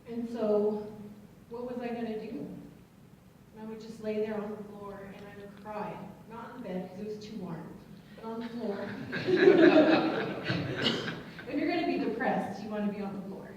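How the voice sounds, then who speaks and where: A woman's voice: a little high, mellow. Emotional woman in an echoey hall. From Colorado. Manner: earnest, emotional, halting at times. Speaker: student veteran speaker. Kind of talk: personal testimony speech. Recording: echoey hall, distant mic.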